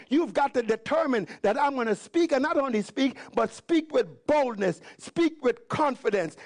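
A male pastor with a Canadian accent preaching a sermon with emphatic, repeated declarations. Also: extremely high pitch.

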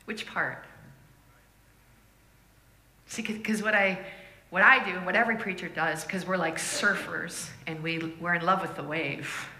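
A woman preaching a sermon as a lively storyteller, laughing often and acting out the voices of people in her stories. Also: fairly low pitch, normal speed, roomy sound, slight background noise.

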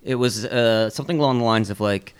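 Halting man in casual chat. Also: medium pitch, clean tone. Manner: hesitant, halting with many fillers. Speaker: podcast co-host.

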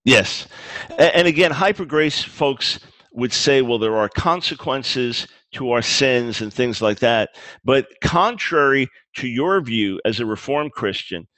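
A man's voice: mid-range voice, animated, measured pace, fairly bright tone, no room sound. A man being interviewed about his book, explaining his views earnestly, often restarting phrases and acting out quoted dialogue. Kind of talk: conversational interview.

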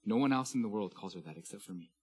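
A man in his thirties, a pastor preaching a sermon, reading scripture slowly and with emphasis. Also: on the low side, animated, husky.

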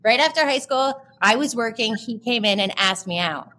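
Woman, 30s, podcast guest; high-ish voice, candid, emotional, filler-heavy storytelling. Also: expressive, moderate pace, pushed and bright.

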